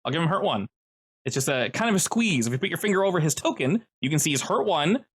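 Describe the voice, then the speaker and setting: Animated game master man. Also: a little high, quick pace, breathy edge. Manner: lively, explanatory, many fillers. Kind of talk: running a tabletop game over voice chat.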